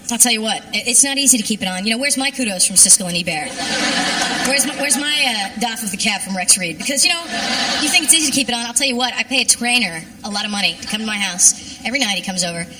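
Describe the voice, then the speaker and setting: A woman's voice: fairly high pitch, animated, quick pace, bright, forceful tone, far from the mic, a little hiss or hum. A young woman doing a stand-up comedy set on a club stage, with wry, sardonic, rambling asides. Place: comedy club stage before a live audience.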